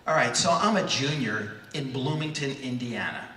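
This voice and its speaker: A man in his sixties tells a lively stage anecdote to a convention crowd, acting out the voices as he goes. His tone is bright and forceful. He is heard from a distance in a large reverberant hall, with a faint hiss underneath. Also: medium pitch, moderate pace. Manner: animated storyteller who acts out voices. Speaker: panel guest. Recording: echoey hall, far from mic.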